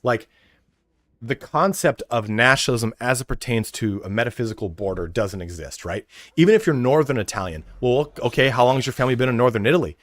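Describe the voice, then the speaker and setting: Speaking at medium pitch, this American-accented streamer from California rants loosely on his livestream with a fairly bright tone and no echo. His delivery is fairly quick and lively, full of profanity, rambling, and frequent laughter.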